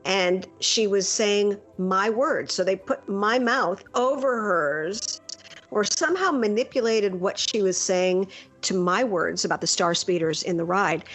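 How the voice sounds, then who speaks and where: Middle-aged voice actress chatting, acts out quotes, faint music under her. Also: mid-range voice. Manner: lively anecdotal, acts out quoted lines. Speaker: voice actress guest. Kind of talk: casual interview storytelling.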